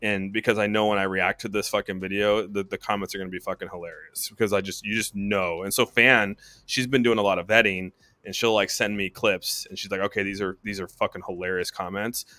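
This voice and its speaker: A man's voice: fairly low pitch, steady tone, fairly quick, bright, forceful tone, no echo. A man in casual chat, rambling and swearing a lot, saying "dude" often. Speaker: co-host.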